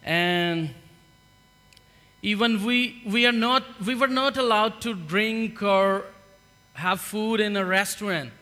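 A man with a Pakistani accent gives a halting church testimony, unhurried and full of pauses. His voice sits high and bright. The sound carries a long hall reverb over a low mains hum. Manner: earnest, halting, with many fillers. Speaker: refugee giving testimony in church.

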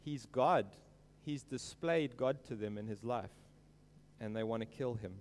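A man preaching an earnest sermon, stressing quoted lines slowly and emphatically. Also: mid-range voice, in a large hall.

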